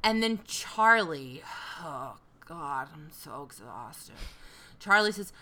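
A woman co-hosting a podcast, recapping a reality show in a jokey, animated way with lots of asides. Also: deep voice, slow. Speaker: podcast co-host.

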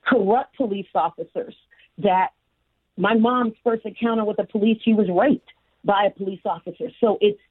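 A woman's voice: medium pitch, moderate pace, no room sound. A woman from Chicago's south side, a guest telling her life story in an interview and acting out the people she quotes. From south side of Chicago, USA. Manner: animated, acts out the voices of people in her stories. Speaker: guest, human resources executive. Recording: phone-like narrow band, dry.

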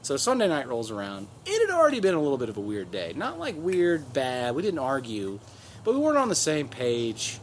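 A man's voice: mid-range voice, wildly swooping pitch, fairly quick, slight background noise. A man telling a rambling, profane, joking story in a casual podcast chat. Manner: rambling, profane, acts out voices in anecdotes. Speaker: podcast host.

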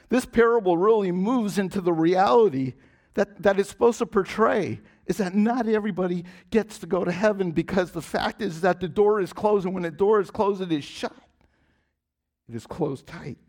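Earnest preacher man, fairly high voice. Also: a little mellow. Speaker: pastor. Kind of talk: sermon.

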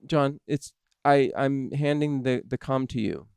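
A man's voice: medium pitch, unhurried, vocal fry, a little mellow, clean tone, no room sound. A man chatting casually in a sarcastic, self-mocking manner on a close studio mic. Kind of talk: casual chat.

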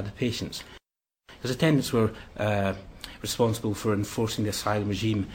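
A man giving a history lecture, pausing often with "uh" fillers between phrases. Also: lowish voice, slight background noise. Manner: hesitant, many "uh" fillers.

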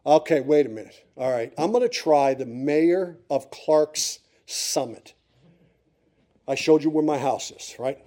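A man's voice: on the high side, animated, measured pace, warm tone. A middle-aged man from Pennsylvania preaching a sermon, telling a funny personal story and teasing the congregation with repeated suspenseful lines. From Pennsylvania, USA.

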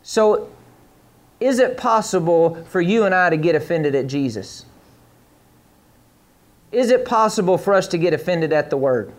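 A man with a notably high voice delivers a sermon to a church congregation. He reads scripture passages aloud and speaks directly to the people in the sanctuary. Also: lively intonation, a little slow, long pauses. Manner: preaching to a live congregation, reading scripture aloud. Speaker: pastor.

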